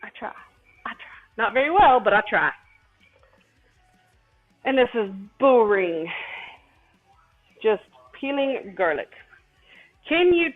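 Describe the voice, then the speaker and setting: Female cooking-stream host, casual and rambling, self-deprecating, tinny lo-fi audio. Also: medium pitch. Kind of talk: casual chat while cooking. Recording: tinny phone-like stream audio with faint music.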